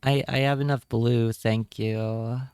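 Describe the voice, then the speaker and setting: A man's voice: medium pitch, steady tone, slow pace, a little mellow, clean tone, no echo, studio quality. A man streaming live, chatting casually with his viewers and reacting with wry remarks and repeated words.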